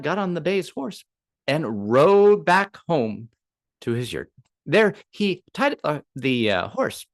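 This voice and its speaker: A man telling a folktale aloud to a storytelling group, expressive and acting out the scenes. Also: a little high. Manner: lively, expressive, acts out voices.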